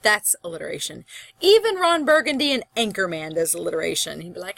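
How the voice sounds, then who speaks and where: A young woman talks through a college poetry lecture in a loose, chatty way, rambling into asides and lively little impressions. Her voice sits at an ordinary pitch and is recorded close, with a dry sound and no room around it. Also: fairly quick, creaky, no echo. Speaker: college English instructor.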